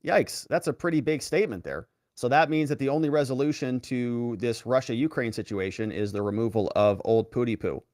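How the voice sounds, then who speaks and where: A man's voice: a little fast, hardly any pauses, no room sound. A man who is an attorney giving casual, sarcastic political commentary and reading articles aloud. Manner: animated and sarcastic, with wide swings in pitch.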